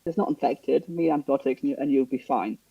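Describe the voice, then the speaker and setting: A man's voice: quick pace, vocal fry, breathy edge, no room sound, lo-fi sound. A young man, casually telling a story on a podcast and acting out the voices of the people in it. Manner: animated, acts out dialogue with big pitch jumps and laughter. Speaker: podcast co-host.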